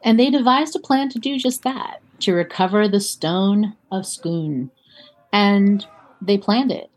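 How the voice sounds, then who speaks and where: A woman's voice: mid-range voice, measured pace. A woman co-hosting a casual podcast, telling a history story in a chatty way, often laughing. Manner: chatty, laughs often, reads quotes aloud. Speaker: podcast co-host.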